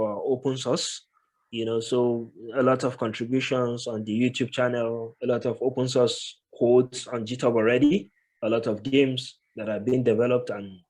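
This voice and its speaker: A man of medium pitch speaks as an interview guest over a call mic. He talks in a thoughtful, unhurried way and fills his pauses with "uh" as he builds each point. His tone stays conversational and steady. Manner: thoughtful, many filler pauses. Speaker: guest, tech professional. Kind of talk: casual interview answers.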